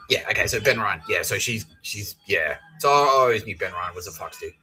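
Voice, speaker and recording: A man's voice: fairly low pitch, lively intonation, normal speed, pushed and bright, faint music behind, poor audio. A man hosting a podcast in a rambling, profane comic monologue full of fillers. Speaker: podcast host.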